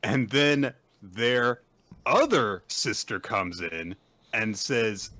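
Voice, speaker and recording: Lively bright-voiced man, dry close mic. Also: lowish voice, drawn-out words. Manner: laughs often, slips into silly voices for characters. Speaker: podcast co-host recapping manga. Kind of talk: casual chat, acting out scenes.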